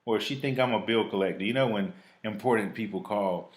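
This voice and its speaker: A man's voice: fairly low pitch, a little fast. A man hosting a live talk show, reading out a reflective piece in an earnest, preachy way and chatting casually with a phone guest.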